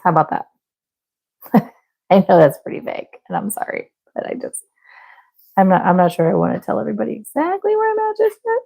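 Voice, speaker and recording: A woman from the Midwest chatting with her live viewers while she crochets, her voice mellow and warm with a gravelly edge. She rambles a little, apologizes often and laughs softly between thoughts. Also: on the low side, huge pitch swings, a little fast, long pauses, poor audio. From American Midwest. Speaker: crochet livestream host.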